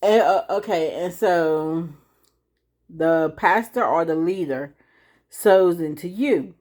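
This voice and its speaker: A woman with a lowish voice teaches the Bible informally to camera. She speaks at an unhurried, slow pace and keeps checking in with "right?". She takes scripture passages slowly and deliberately. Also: a little mellow.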